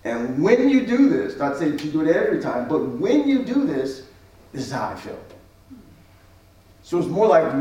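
A man's voice: on the high side, big pitch swings, normal speed, dark tone. A man preaching as a pastor, teaching on marriage and acting out both sides of an argument with repeated phrases. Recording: echoey hall, mic at a distance.

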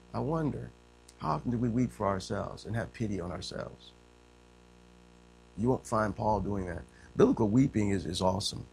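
A man preaching a sermon in a conversational way. He often says amen and voices quotes by pitching up. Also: normal speed, vocal fry, darkish tone. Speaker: pastor.

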